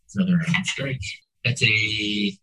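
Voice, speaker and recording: A man playing a tabletop game, thinking out loud about his moves. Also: lowish voice, normal speed, rough recording. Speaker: player. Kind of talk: casual tabletop play.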